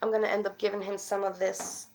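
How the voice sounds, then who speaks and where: A woman's voice: medium pitch, little pitch movement, fast talker, darkish tone. A woman chatting casually to camera as a vlogger, rambling with fillers and restarts, worried and frustrated.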